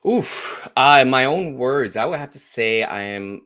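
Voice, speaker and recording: A man's voice: mid-range voice, lively intonation, a little slow, sharp tone. Blunt Bronx-accented middle-aged man. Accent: New York. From the Bronx, New York City. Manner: blunt, straightforward, laughs often. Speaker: guest streamer. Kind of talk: casual interview chat.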